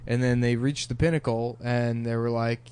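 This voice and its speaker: Comedian, male, podcast co-host, crude riffing banter, mid-pitched. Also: little pitch movement, normal speed, darkish tone, clean tone. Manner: crude, joking, riffs with profanity.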